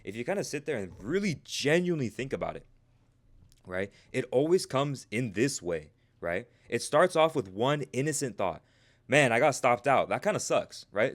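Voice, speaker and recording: A man of medium pitch speaks at a moderate pace with big swings in pitch. He talks casually while coaching traders live, checking in with viewers after almost every sentence, naming chat members, and saying "right?" after nearly every point.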